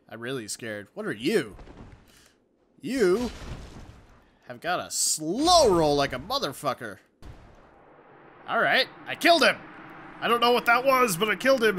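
A young man giving profane, jokey commentary while playing a game, with loud reactive outbursts. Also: a little high, a little hiss or hum. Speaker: let's play gamer. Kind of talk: gameplay commentary.

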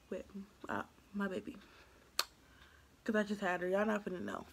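Gravelly and medium in pitch, this young female vlogger talks a little fast yet leaves long pauses as she shares a lively storytime. She performs quoted asides and occasionally sinks into whispers, with slight background noise behind her.

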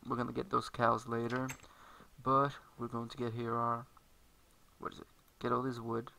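A man's voice: medium pitch, monotone, moderate pace, vocal fry, sharp tone, poor audio. A man giving casual let's-play commentary, rambling and correcting himself as he plays at a computer. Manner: rambling, self-correcting, talks while playing. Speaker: gameplay commentator.

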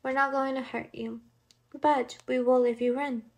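A calm, firm female guard in an audiobook, voiced by a woman reader. She speaks in measured, authoritative words with a fairly high voice. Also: gravelly.

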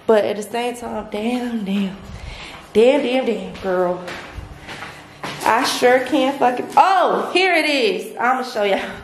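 At home, a young woman rants frankly to camera in a casual vlog, swearing heavily. She speaks slowly with long pauses in a slightly high voice, and the room is echoey with clear background noise.

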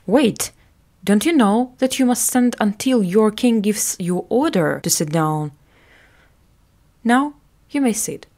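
A woman voicing a proud young boy prince, speaking slowly and commandingly. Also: medium pitch, animated, darkish tone.

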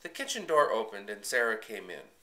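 Male audiobook reader; expressive first-person storybook narration, bright tone. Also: lowish voice, a little fast. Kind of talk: storybook reading.

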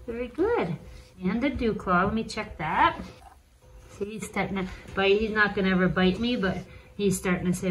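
A woman host talking casually to viewers while trimming her dogs' nails, coaxing them with soft praise. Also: medium pitch, normal speed, background noise. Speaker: alpaca farmer and channel host. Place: indoors with the dogs on a farm.

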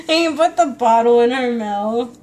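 A woman babysitter talking to the camera in a casual home video, coaxing and soothing a child. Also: very high voice.

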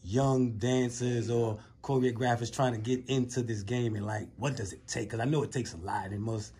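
Husky-voiced man hosting a talk show. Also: medium pitch, fairly even intonation, moderate pace, warm tone. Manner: casual, affirming, slangy. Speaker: host. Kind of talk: radio talk show interview.

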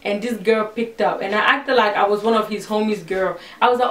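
A woman's voice: mid-range voice, a little fast, few pauses, fairly bright tone. A young woman casually telling a personal story as a vlogger, acting out the conversations she quotes. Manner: chatty, retells conversations with quoted voices. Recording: roomy, a little distant from the mic.

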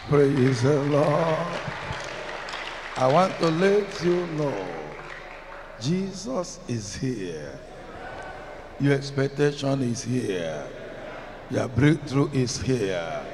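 A man's voice: mid-range voice, big pitch swings, very slow, long pauses, a crowd in the background, background noise. A man with a Nigerian English accent preaching a sermon as pastor, emphatic and chanting some phrases, asking the congregation questions. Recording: long reverb in a large hall, faint ambience.

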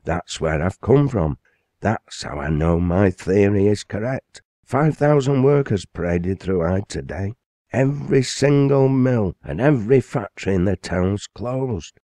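A man doing an excited old father bursting with news. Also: on the low side, moderate pace, no echo, pitched above the performer's own voice. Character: excitable elderly father, a mill town man.

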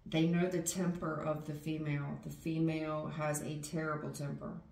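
A woman giving a casual tarot reading in a blunt, profane, animated way, acting out people's feelings as she goes. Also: deep voice, moderate pace, gravelly, roomy sound. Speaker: tarot reader.

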